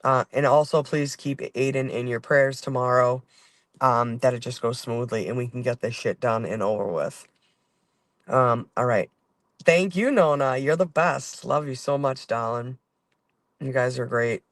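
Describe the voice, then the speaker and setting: A man's voice: medium pitch, moderate pace, no room sound, clean studio sound. A man from Boston hosting his channel, chatting casually from inside a car in a loose, rambling way full of fillers and swearing. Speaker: channel host. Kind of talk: casual driving vlog chat.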